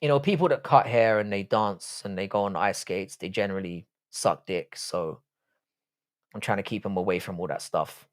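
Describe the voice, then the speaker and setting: Speaking at a normal speed in a fairly low voice, a forties-aged man from England runs a relaxed livestream. His English accent carries through as he welcomes viewers by name, reads their messages, and fires off blunt, crude jokes laced with profanity.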